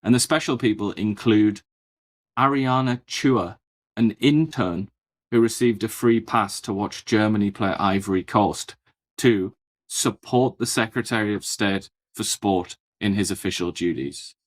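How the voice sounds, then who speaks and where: A man's voice: on the low side, measured pace. A man co-hosting a political talk show, speaking with dry, mock-serious sarcasm. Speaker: co-host. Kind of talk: political commentary chat.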